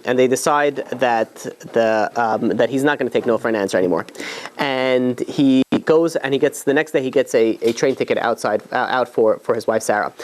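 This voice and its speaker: A man's voice: mid-range voice, slight background noise. Male rabbi, loose conversational storyteller, filler-heavy. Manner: conversational, many fillers and restarts. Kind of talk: storytelling talk to an audience.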